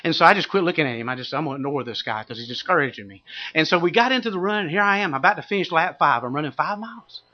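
On a lo-fi recording, a middle-aged male preacher talks very fast in a voice on the high side. His sermon opens with a lively, comic story about himself and rises until he is shouting fervent exhortations.

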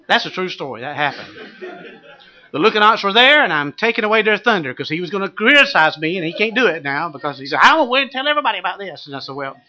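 A man's voice: high voice, fast talker. A middle-aged male pastor preaching a sermon, telling a funny personal story and rising to fervent exhortation. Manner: animated, humorous storytelling that builds to shouted exhortation.

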